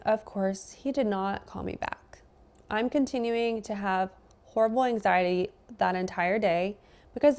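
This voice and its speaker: Woman telling a story, animated. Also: medium pitch. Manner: animated, acts out both sides of a conversation. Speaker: podcast guest. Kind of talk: storytelling in casual chat.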